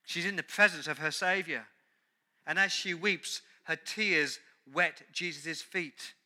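A man's voice: on the high side, unhurried, pushed and bright. A man preaching a sermon as pastor, earnest and emphatic, repeating key words.

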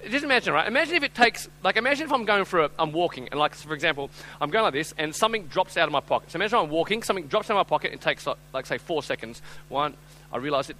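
Man, joking storyteller, high-pitched, bright, animated audience talk. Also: poor audio. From Australia. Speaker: speaker.

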